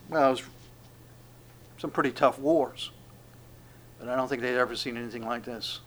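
Man, preacher, sermon, fairly high voice, booming then hushed, acts out quotes. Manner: dramatic swings between loud proclamation and hushed asides.

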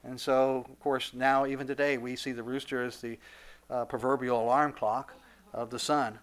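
A man's voice: mid-range voice, level tone, normal speed, smooth. A male pastor preaching a sermon, emphatic and repetitive, often stumbling over restarts.

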